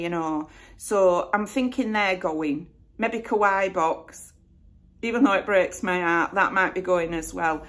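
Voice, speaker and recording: A middle-aged vlogger from Bradford, England, with a West Yorkshire accent, rambles chattily through a casual Q&A, correcting herself along the way. Her voice is mid-range and fairly bright.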